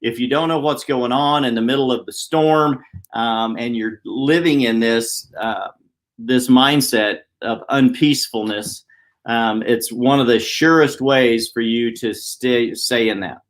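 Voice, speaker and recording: Man host, quick chatty motivational live-stream talk, mid-pitched, office setting. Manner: fast-talking, upbeat, chatty. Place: downtown office.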